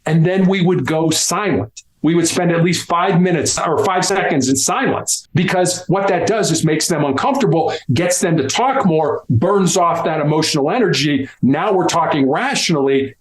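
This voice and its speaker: A man's voice: fairly high pitch, normal speed, hardly any pauses, roomy sound, rough recording. A man, a former hostage negotiator, explaining his techniques in an interview and acting out quoted voices. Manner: animated, acts out quoted voices. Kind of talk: explanatory interview talk with role-play examples.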